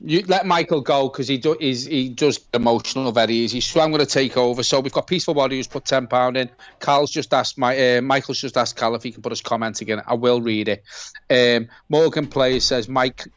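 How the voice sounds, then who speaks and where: A man's voice: medium pitch, steady tone, brisk, dry recording, dull audio. A man co-hosting a live football watch-along, chatting and reading out donations in a heartfelt, sweary way. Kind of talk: casual live-stream chat, reading out donations.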